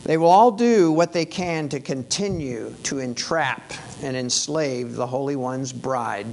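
A man's voice: mid-range voice, unhurried, gravelly, darkish tone, a little hiss or hum, rough recording. A male preacher giving a sermon in a conversational, wry and emphatic way, losing his voice.

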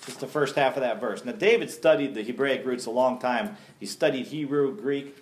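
A man's voice: medium pitch, normal speed, roomy sound, a little hiss or hum. A man teaching a sermon-style Bible study in a folksy, emphatic way, asking his group questions and laughing at his own jokes.

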